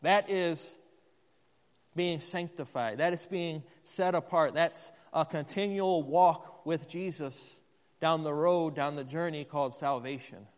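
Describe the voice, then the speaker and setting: High-voiced preacher man in reverberant hall. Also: slow pace. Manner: conversational, asks the congregation questions. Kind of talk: sermon.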